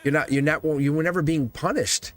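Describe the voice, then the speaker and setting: A man's voice: on the high side, fairly even intonation, fairly quick, faint music behind. A man hosting a live tarot reading in casual spiritual talk, rambling and repeating phrases, chuckling often. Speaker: tarot reader livestream host.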